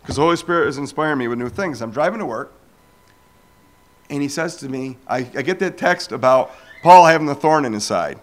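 A man preaching a storytelling sermon, animated and acting out dialogues as he goes. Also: mid-range voice, fairly quick.

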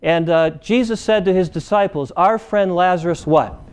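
A man delivering a sermon in a smooth, resonant voice that sits a little higher than most men's. He talks to his congregation conversationally and keeps pausing to ask them to fill in the next word. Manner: conversational preaching with call-and-response questions. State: recovering from illness. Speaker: preacher.

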